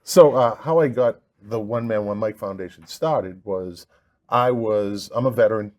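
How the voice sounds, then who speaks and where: Deep-voiced man with a Boston accent. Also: a little mellow. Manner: plain-spoken, halting with "uh". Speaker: guest, veteran and nonprofit founder. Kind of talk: casual interview talk.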